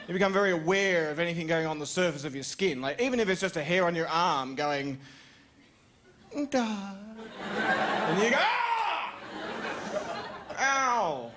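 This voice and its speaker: An Australian man doing a stand-up comedy set on a club stage, chatty and animated, slipping into put-on voices for his bits. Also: fairly high pitch, normal speed, over a noisy crowd, heavy background noise.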